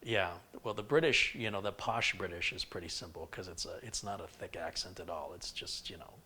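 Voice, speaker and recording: A man's voice: deep voice, fairly quick, bright, forceful tone, slight background noise. A man hosting a PC-building live stream, rambling casually and reading viewer comments aloud. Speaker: PC building livestream host.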